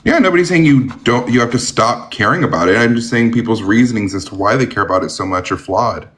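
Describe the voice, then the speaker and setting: A man's voice: lowish voice, fast, a bit bright. A man hosting a live-streamed debate, talking bluntly with a sarcastic, argumentative edge.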